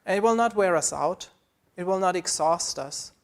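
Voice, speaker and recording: A man's voice: high voice, moderate pace. Earnest man preaching a sermon. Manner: earnest, pleading, repeats phrases. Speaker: pastor.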